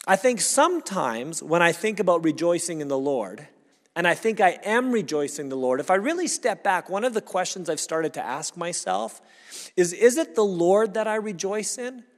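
A man's voice: sits high, sing-song, normal speed, in a large hall. A man preaching a sermon in a church, earnest and conversational, often restarting his phrases. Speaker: pastor. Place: church sanctuary.

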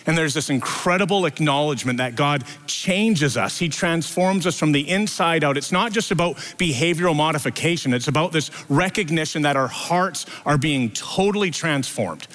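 A man's voice: normal speed, hardly any pauses, fairly bright tone. A male pastor preaching an Easter sermon at a church service, telling the story with acted-out dialogue. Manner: storytelling, acts out quoted dialogue with lifted pitch.

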